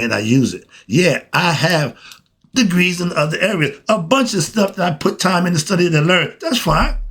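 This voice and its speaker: A man delivers a blunt, emphatic spiritual monologue in casual slang, his fairly high voice somewhat bright and slightly rough. As host, he poses questions and then answers them himself.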